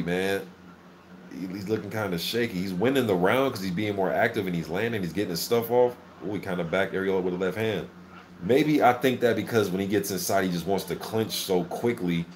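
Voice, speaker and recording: A man hosting a casual live boxing reaction, calling the action play-by-play in an excitable, filler-heavy way. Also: low-pitched, a little hiss or hum. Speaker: boxing channel host. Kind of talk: live fight commentary reaction.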